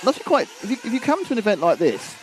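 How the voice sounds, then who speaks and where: A man's voice: high-pitched, wildly swooping pitch, very fast, noisy background. A man giving live race commentary on a stream, chatty and wry, reading viewer comments and tripping over names. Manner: stumbles over names and restarts.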